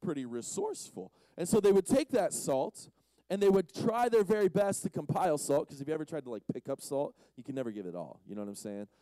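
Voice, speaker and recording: A man's voice: fairly high pitch, very animated, quick pace, dark tone, dry recording. A man giving a casual, joking sermon to a young audience as a conference speaker, teasing the crowd as he goes. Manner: playful, teases the audience.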